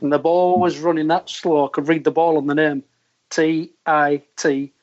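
A man, a former caddie, telling an earthy, animated anecdote and acting out the voices he quotes. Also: fairly high pitch, a little fast. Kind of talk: storytelling anecdote. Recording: dull lo-fi sound.

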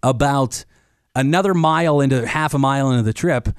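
A man who is a comedian guest, telling a story in casual chat as an animated storyteller who acts out the voices he quotes. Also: mid-range voice, brisk, clear, resonant tone, no room sound, studio quality.

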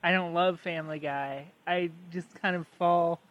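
A mid-pitched co-host chatting casually. The delivery is dry and offhand, with easy joking asides. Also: steady tone, normal speed, highs cut off. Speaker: podcast co-host. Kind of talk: casual chat.

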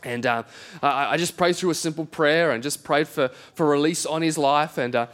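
High-voiced pastor preaching. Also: male voice, moderate pace, fairly bright tone. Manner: conversational, self-deprecating, acts out quoted voices. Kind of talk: sermon with storytelling. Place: church.

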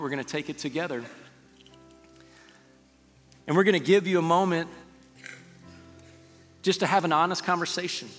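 A man preaching a sermon as pastor, acting out quoted voices and dropping into soft, hushed lines. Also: a little high. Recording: reverberant hall with faint music.

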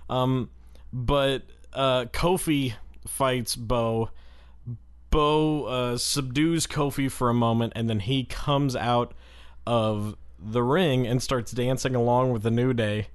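A man's voice: medium pitch, fairly even intonation, slow pace, clear, resonant tone. Rambling laughing male podcast host. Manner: rambling, full of fillers and laughs; slips into exaggerated crowd voices when retelling. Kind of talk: casual chat recapping wrestling.

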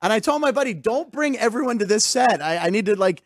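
A man's voice: sits high, quick pace, no echo, studio quality. A man hosting a casual talk show, telling stories and acting out the people in them. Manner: animated storyteller, acts out quotes. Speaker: host. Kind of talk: casual chat.

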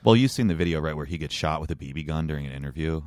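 Very deep-voiced man, casual podcast chat. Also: animated, racing, darkish tone, dry recording, studio quality. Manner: rambling, joking storyteller. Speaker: podcast co-host.

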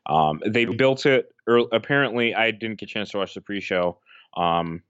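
A man's voice: fairly low pitch, moderate pace, fairly bright tone, clean tone, no echo, lo-fi sound. A man co-hosting a podcast in casual chat, rambling with many fillers and restarts. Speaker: podcast co-host.

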